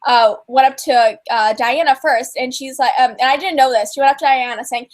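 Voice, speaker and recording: Young woman co-host with a high voice, chatty and gushing, full of fillers. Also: fairly quick. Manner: gushing and chatty, many fillers, laughs often. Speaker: co-host of a book and TV chat livestream. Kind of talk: casual chat.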